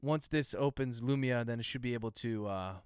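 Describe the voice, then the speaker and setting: Here a man with a medium-pitched, smooth voice talks fairly quickly. He's an author dictating his novel on a livestream, spelling out each comma and period, with casual chatter to viewers between passages. The studio sound is clean, with no room sound.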